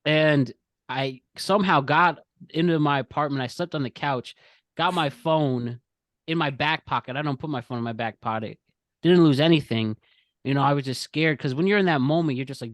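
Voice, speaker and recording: A man's voice: fairly high pitch, moderate pace, dry recording, studio quality. Chatty young man telling stories. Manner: rambling, self-correcting storyteller who laughs often. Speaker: podcast host running a quiz game. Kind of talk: casual podcast chat.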